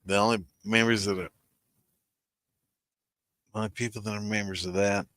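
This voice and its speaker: A man's voice: lowish voice, fairly even intonation, normal speed, fairly bright tone, dry recording. A man, hosting a livestream in rambling, profane casual chat and calling out viewers by name. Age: 60s. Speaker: host of a moonshine livestream.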